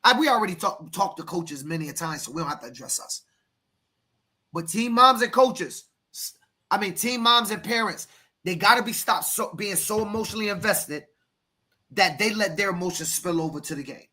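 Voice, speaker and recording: A man's voice: high voice, lively intonation, moderate pace, pushed and bright. An American man who coaches youth football and hosts a podcast, talking emphatically and preachily, repeating himself and calling his co-host by name. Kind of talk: passionate podcast talk.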